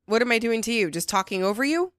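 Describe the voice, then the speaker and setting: A woman co-hosting a casual podcast, sarcastic and quick to laugh, swearing casually as she banters at a friend's house. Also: a little high, expressive, fairly bright tone, no echo, studio quality. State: sensitive stomach. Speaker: podcast co-host. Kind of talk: casual chat.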